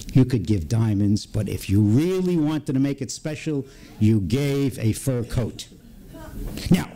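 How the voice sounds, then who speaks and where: An older man telling a personal story on stage at a story slam, with dramatic pauses and acted-out dialogue. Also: medium pitch, mellow, a little hiss or hum.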